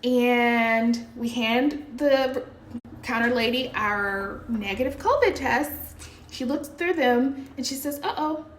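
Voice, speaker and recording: A woman in her thirties from the United States tells her viewers a story slowly, her voice a little high, in an echoey room with slight background noise. Her retelling is animated and breathless as she acts out her own panicked shouts.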